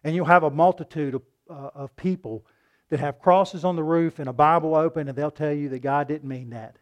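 A man passionately preaches a sermon, posing rhetorical questions to the room and alternating between loud and hushed delivery. His voice sits on the high side, and he speaks a little fast.

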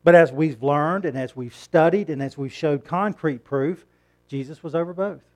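A middle-aged pastor gives a Sunday sermon at a normal speed in a relaxed, conversational manner. His voice is a bit higher than most men's, and on key points he rises in pitch and volume for emphasis.

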